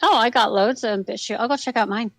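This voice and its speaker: A woman co-hosting a casual late-night livestream, chatty and quick to laugh. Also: on the high side, fairly bright tone, no room sound. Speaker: livestream co-host.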